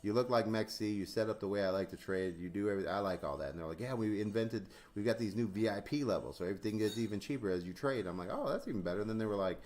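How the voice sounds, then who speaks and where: He talks very fast with hardly any pauses, his voice on the low side, as he hosts a casual crypto stream. Stories come out animated, complete with acted-out dialogue, cursing and lots of laughs.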